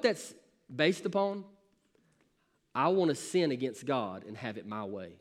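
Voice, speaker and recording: A man's voice: mid-range voice, very animated, measured pace. A man, a pastor, preaching a sermon with an emphatic, repetitive cadence.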